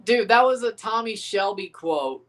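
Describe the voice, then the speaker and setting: A woman's voice: mid-range voice, expressive, a little slow, fairly bright tone. A woman hosting a live sports watchalong, joking and swearing, abrasive on purpose. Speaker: livestream host.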